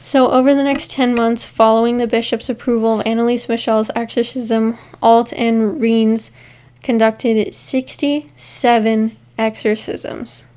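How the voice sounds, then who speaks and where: A woman's voice: fairly high pitch, level tone, measured pace, mellow. A woman co-hosting a casual podcast, reading case notes with asides and frequent ums. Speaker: podcast co-host. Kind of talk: casual true-crime podcast chat.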